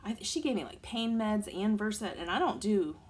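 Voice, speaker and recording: A woman in her forties chatting to the camera, telling a long personal story in an animated, casual way. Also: mid-range voice, moderate pace, slight background noise. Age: 40s. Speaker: vlogger.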